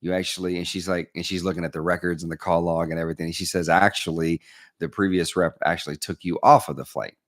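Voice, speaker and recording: Deep-voiced man telling a story. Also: fast. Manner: animated storyteller, acts out dialogue. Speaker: keynote speaker. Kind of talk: storytelling talk.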